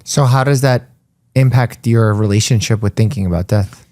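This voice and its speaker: A man hosting an interview, asking measured, analytical questions. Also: lowish voice, mellow, no echo, studio quality. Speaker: interviewer and host.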